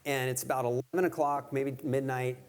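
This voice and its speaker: A male guest speaker gives a live talk at an event venue, conversational and self-deprecating, telling stories laced with jokes. His mid-range voice has fairly even intonation and a brisk pace.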